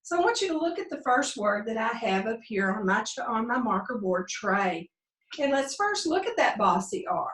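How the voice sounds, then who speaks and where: A woman teaching a phonics lesson to young children, sounding out words slowly in an encouraging sing-song way. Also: a little high, sing-song, a bit bright, reverberant, distant mic. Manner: slow, drawn-out sounding out of words. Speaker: second grade teacher.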